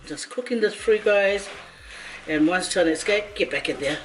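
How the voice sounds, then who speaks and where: A woman's voice: mid-range voice, moderate pace. A woman vlogger cooking in her home kitchen, chatting playfully and joking with her viewers as she goes. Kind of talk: casual cooking vlog chat. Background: faint background music.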